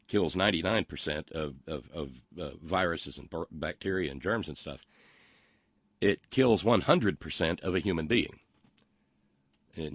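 Low-voiced guy hosting a political show, snarky and halting, super dry close sound. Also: slightly rough, no room sound. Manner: mocking, sarcastic, halting with many fillers. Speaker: political talk show host. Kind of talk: sarcastic political commentary with listener comments.

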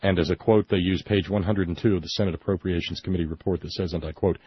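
A man with a low, husky voice delivers a sarcastic political monologue and rises into mocking indignation. He reads quotes quickly and stumbles over restarts now and then. The recording is dry and dull, like lo-fi home audio. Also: fairly even intonation, no room sound. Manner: hesitant restarts and fillers. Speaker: political commentary host. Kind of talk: sarcastic monologue reading from a report.

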